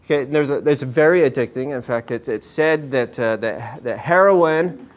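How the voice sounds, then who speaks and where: A man's voice: medium pitch, normal speed, dull audio. A man giving a casual health talk to a small live audience, upbeat and a bit hyper, firing questions at the listeners. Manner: energetic, asks the audience questions, self-described hyper. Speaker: chiropractor giving a nutrition talk. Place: small meeting room with an audience.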